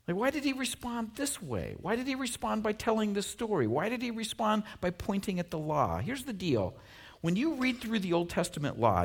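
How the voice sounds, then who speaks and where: A man preaching a sermon in a casual, conversational way, with lots of rhetorical questions. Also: on the high side. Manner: conversational and animated, full of filler likes and rhetorical questions. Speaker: pastor.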